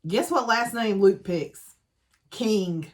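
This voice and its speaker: A woman's voice: mid-range voice, animated, slow pace. A woman gives a casual, chatty book recap full of dramatic asides. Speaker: book reviewer.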